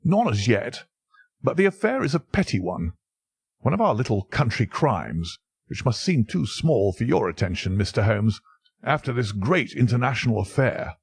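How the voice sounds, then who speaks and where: A man's voice: medium pitch, very animated, normal speed, gravelly, slightly rough, dry recording, studio quality, pitched above the performer's own voice, heavily acted. A man voicing a hearty, easygoing older country colonel.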